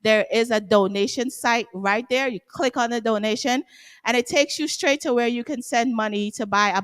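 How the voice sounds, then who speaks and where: A woman hosts a casual livestream show, excited and loud as she chats with lots of fillers. Her voice sits somewhat high. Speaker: show host.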